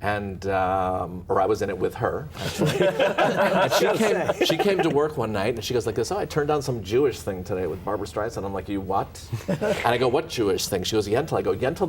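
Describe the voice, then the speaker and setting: A middle-aged man, a guest in a casual interview, telling animated stories with laughs and acted-out bits. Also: fairly low pitch. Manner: animated, laughing, acts out and hums snippets.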